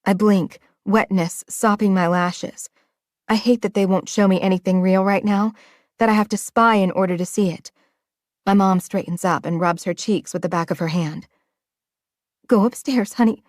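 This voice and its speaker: A woman reads a first-person romance audiobook in an emotional, often hushed way. Her voice sits at a middling pitch, and the recording is close and dry with no room sound. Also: fairly even intonation, moderate pace, no echo. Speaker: audiobook narrator.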